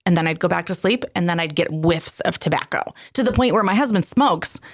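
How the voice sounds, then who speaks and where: A middle-aged woman co-hosting a podcast, telling stories in a casual, animated way with frequent laughs. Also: fairly low pitch, a little fast, dry recording, clean studio sound. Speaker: podcast co-host. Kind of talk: casual chat.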